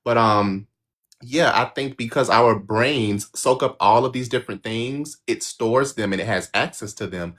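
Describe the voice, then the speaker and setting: A man's voice: mid-range voice, measured pace, a bit bright. A man co-hosting a live spiritual reading stream, talking in an agreeable, reflective way that rambles with restarts. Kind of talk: casual live-stream chat.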